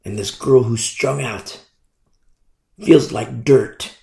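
Gravelly man preaching in an echoey room. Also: mid-range voice, slow pace, darkish tone. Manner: emphatic, repeats phrases for effect. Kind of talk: sermon.

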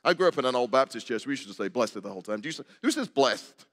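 A man's voice: mid-range voice, big pitch swings, rapid-fire, fairly bright tone. An older male preacher giving a conversational sermon in a church, asking the congregation questions and joking with them. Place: church sanctuary. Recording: long hall reverb.

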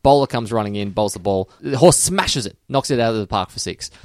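An Australian man co-hosting a casual podcast, telling jokes with big swings of pitch. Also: fairly quick, a little mellow, no echo, clean studio sound. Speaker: podcast co-host.

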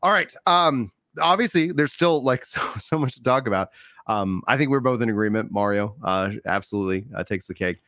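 A man's voice: mid-range voice, lively intonation, a little fast, fairly bright tone, dry recording, studio quality. A man with a light Texan accent, co-hosting a podcast, chatting casually and laughing often as he jokes. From United States. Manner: laughs often, loose joking delivery. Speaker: podcast co-host and stand-up comedian. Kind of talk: casual chat.

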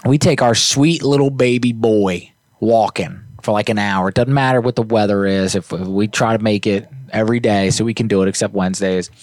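A man with a lowish voice, co-hosting a casual live show and spinning a story with crude jokes and plenty of "uh"s. The sound is dry and close, with no room around it. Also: brisk, a little mellow, no room sound. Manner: crude, joking storyteller with frequent fillers. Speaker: podcast co-host. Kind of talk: casual live-stream chat.

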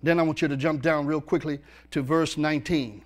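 Emphatic preaching man, slightly high voice. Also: fairly even intonation, fairly quick, faint music behind. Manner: emphatic preaching, rhetorical questions to the congregation. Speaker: pastor. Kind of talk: sermon.

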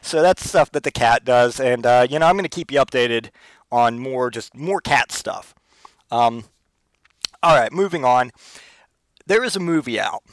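A man's voice: medium pitch, lively intonation, a little slow, long pauses, no room sound. A man with a mid-range voice hosts his own podcast, wandering from one comic story to the next with plenty of swearing. The sound is dry and close, with no room around it. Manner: rambling, profane, comic storytelling. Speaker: podcast host. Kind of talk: casual solo podcast chat.

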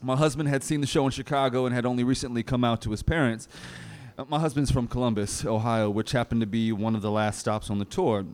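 A man reads first-person testimony at a live reading. His voice sits at a middle pitch. He tells it in a reflective, gentle way. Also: steady tone, fast, clean tone. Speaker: reader at a live oral-history reading. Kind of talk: read-aloud testimony.

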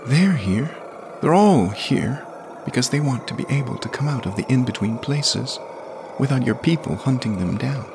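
A man voicing a clingy, tearful shape-shifting boy creature in a high pleading voice, for an audio story. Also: animated, moderate pace, noisy background, natural voice. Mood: petulant.

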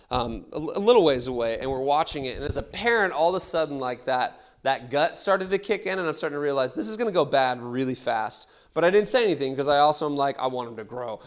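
A man in his thirties preaching a sermon as pastor, repeating his key lines and swinging between loud emphasis and soft asides. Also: mid-range voice.

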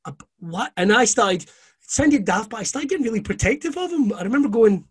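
A man from Scotland, a guest telling animated, profane stories in casual chat. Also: very high-pitched, brisk, breathy edge. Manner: profane, animated anecdotes with laughter. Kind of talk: casual storytelling.

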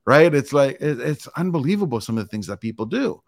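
A man's voice: mid-range voice, brisk, gravelly, no room sound. A male podcast host with an ordinary mid-range voice, recorded close and dry. He tells stories casually, padding them with fillers and asides. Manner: relaxed storytelling with frequent fillers like "it's like".

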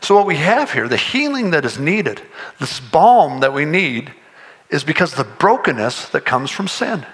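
A man's voice: a little high, big pitch swings, normal speed, a bit bright, low-quality recording. A man preaching a sermon, earnest and conversational, often restarting his sentences and pushing toward emphatic points. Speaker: pastor.

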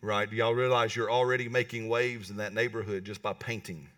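Bright-voiced pastor preaching from afar. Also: male voice, on the low side, a little fast, recorded from a distance. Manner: animated, talks to the congregation with calls like "right?". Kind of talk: sermon. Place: church hall.

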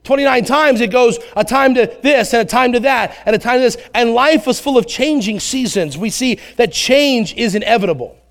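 A man with a high voice preaches a Sunday sermon. He talks with energy and acts out little voices and asides as he goes. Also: moderate pace, few pauses. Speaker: pastor.

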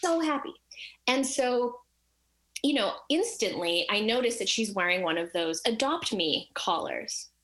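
Animated storytelling woman. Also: a little high, unhurried. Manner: animated storytelling, acts out voices. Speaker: guest telling a story. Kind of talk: casual chat.

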